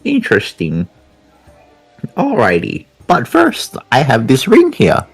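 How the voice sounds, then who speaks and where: A playful woman haggles in character during a tabletop game, her pitch leaping wildly from line to line. She talks slowly with a slightly breathy tone. Faint music plays underneath. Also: wildly swooping pitch. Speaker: player. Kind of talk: in-character tabletop role-play.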